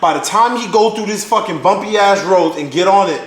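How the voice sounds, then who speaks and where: A young man telling a story on a podcast, cursing freely and acting out every quoted line. His voice sits a bit high for a man. The room adds a noticeable echo. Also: a little fast. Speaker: podcast host. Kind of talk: casual storytelling chat. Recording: echoey room.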